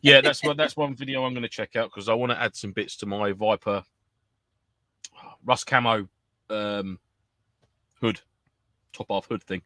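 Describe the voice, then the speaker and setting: A man's voice: lowish voice, fairly even intonation, moderate pace, pauses often, bright, forceful tone, no room sound. A man co-hosting a podcast, joking, swearing and laughing through casual banter. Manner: jokey and giggly, swearing freely. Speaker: podcast co-host.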